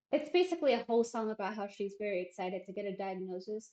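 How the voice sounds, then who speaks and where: With a fairly high but darkish voice at a moderate pace, a woman streamer rambles through casual livestream chat, wry and self-deprecating. The audio comes across roomy and muffled.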